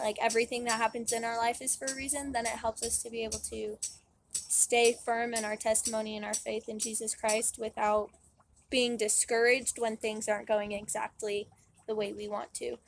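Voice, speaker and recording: A woman's voice: fairly high pitch, vocal fry, slight background noise. A young woman casually retelling a Bible story in a chatty, slangy way, full of "like"s. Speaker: channel host.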